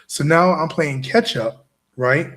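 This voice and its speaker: A male host with a somewhat high voice delivers a motivational talk to a live audience. He is emphatic and repetitive, pressing his points with constant checks like "right?" and "you know what I'm saying?". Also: takes it slowly, fairly bright tone. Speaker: show host.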